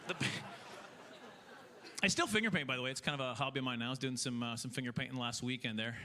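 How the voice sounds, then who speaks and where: A man doing a stand-up comedy set on stage, telling self-mocking stories in an animated way. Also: mid-range voice, fast, some chatter behind. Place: comedy festival stage before a live audience.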